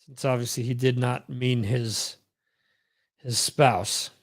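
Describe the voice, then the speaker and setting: A man with a medium-pitched, fairly even voice talks slowly while hosting a live-stream podcast. His chat wanders, words get repeated, and he reads viewer messages aloud.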